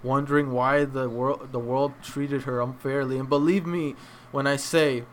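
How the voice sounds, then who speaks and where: A young man hosting an anime review, choked up and crying, talking in a heartfelt, halting way with many restarts. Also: mid-range voice, fairly even intonation, slight background noise. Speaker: anime reaction channel host. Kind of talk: emotional casual review.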